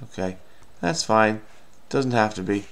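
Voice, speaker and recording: A man's voice: lowish voice, expressive, a little slow, a bit bright. A middle-aged man solving a crossword aloud in a casual, self-muttering way, with many fillers and trailing off. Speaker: crossword solving video host.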